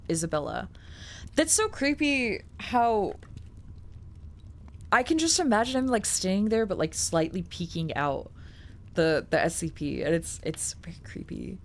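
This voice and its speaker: A woman's voice: lowish voice, animated, normal speed. A woman streamer reading a document aloud, breaking off into chatty, filler-heavy asides and casual swearing.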